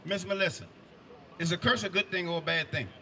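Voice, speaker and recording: A man's voice: high voice, brisk. A man preaching on a city street, firing pointed questions at passersby. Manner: forceful, quizzes listeners with pointed questions.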